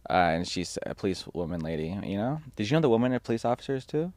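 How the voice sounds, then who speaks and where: A man hosting a comedy podcast, joking around with his guests in a halting way. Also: lowish voice, very animated, a little mellow, no echo, studio quality. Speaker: podcast host. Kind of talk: casual podcast chat.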